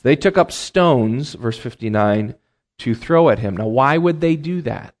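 A man's voice: mid-range voice, animated, a little slow. Man lecturing a Bible class. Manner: explains terms plainly, repeats key phrases, many ums and uhs. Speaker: Bible teacher.

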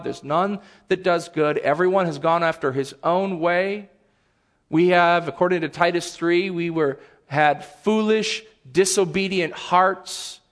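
A man preaching a sermon as a pastor, earnest and animated, with sudden loud bursts. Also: a little high.

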